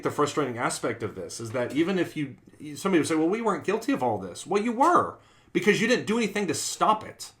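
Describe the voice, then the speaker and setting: A man's voice: medium pitch, a bit bright. A man preaching in a conversational Bible class style, earnest, repeating his phrases and acting out quoted sayings.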